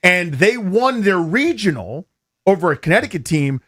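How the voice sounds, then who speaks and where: This high-voiced American man talks at normal speed as he hosts sports radio. Recorded on a studio mic, he rambles through jokey stories in a relaxed, animated studio conversation.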